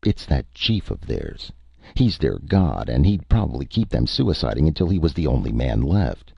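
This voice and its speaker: A weary space captain, as a man voices him with dry, deadpan reasoning. His voice is very deep and gravelly, husky, recorded dry and dull. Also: normal speed, no echo, full character voice. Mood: thoughtful.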